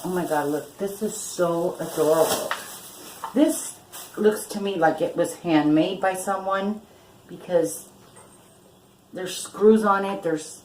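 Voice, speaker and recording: An older woman takes her time showing off her finds, gushing over each one. Her speech is slow and relaxed. The room rings with echo, and a faint hiss sits under her voice. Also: fairly low pitch. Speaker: vlogger. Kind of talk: casual thrift haul vlog.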